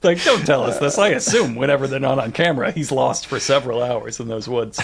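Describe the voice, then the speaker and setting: A man co-hosting a comedy podcast at an ordinary pitch, recapping scenes with dry exasperation. He slips into quick acted-out quotes as he goes. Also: animated, vocal fry, a little hiss or hum. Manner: wry, exasperated, acts out quoted lines. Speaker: podcast co-host. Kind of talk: casual comedic recap chat.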